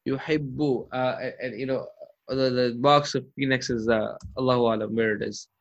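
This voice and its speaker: A man's voice: medium pitch, fairly even intonation, moderate pace, vocal fry. A man teaching Arabic grammar in a live lesson, patient and encouraging, drilling terms aloud. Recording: muffled lo-fi audio.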